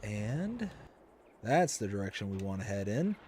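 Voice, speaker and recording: A man's voice: lowish voice, a little slow, slight background noise. Easygoing man streamer chatting while gaming. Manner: rambling, relaxed, fond talk with many fillers. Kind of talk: casual live-stream chat while playing.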